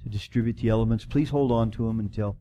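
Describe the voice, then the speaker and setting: A man preaching a sermon in church as pastor, swinging from loud emphatic preaching to soft, prayerful appeals. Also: fairly low pitch, fast talker, a little hiss or hum.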